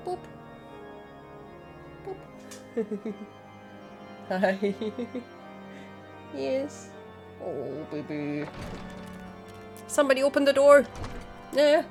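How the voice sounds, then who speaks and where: A woman's voice: sits high, very animated, extremely slow, long pauses, darkish tone, soft background music. A young woman streaming a game at home in casual, giggly chat, using baby talk with her dog.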